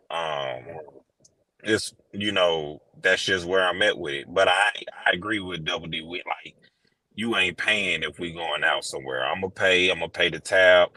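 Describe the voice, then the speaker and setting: A man's voice: low voice, bright, forceful tone, no echo, poor audio. A man co-hosting a casual podcast chat, telling stories in a laid-back, slangy way with frequent laughs. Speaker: podcast co-host.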